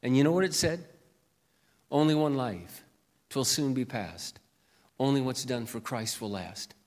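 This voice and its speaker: A man preaching as a pastor, telling a personal story in an earnest way, then reading scripture slowly and loudly. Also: medium pitch, long reverb tail.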